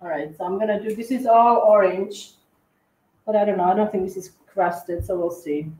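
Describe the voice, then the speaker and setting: A woman's voice: mid-range voice, a little mellow. Woman chatting thru a cookie decorating stream, lots of ums n restarts, roomy sound. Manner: halting, many fillers and restarts. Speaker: cookie decorating livestream co-host. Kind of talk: casual tutorial chat while decorating.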